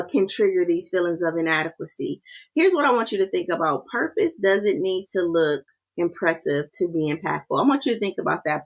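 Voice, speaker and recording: A woman's voice: mid-range voice, fairly bright tone. Direct woman coaching live. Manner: direct, repeats key lines, checks in with 'right?'. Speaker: life coach. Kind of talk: live-streamed coaching talk.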